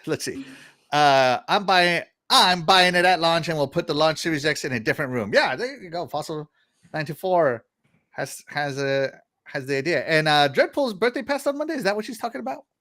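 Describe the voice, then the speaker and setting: A man's voice: a little high, expressive, moderate pace, bright, forceful tone. A middle-aged man from Texas hosting a casual gaming podcast, rambling and laughing as he reads out viewer comments. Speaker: podcast host.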